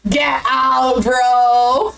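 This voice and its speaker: A young woman in a casual, animated reaction recap of a dating show, exclamatory and quick to laugh. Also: sits high, vocal fry, poor audio. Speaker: recap streamer.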